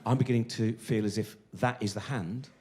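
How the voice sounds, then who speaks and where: A man doing live stand-up on a theatre stage, telling rambling, excitable stories that keep interrupting themselves. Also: on the low side, moderate pace. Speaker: stand-up comedian.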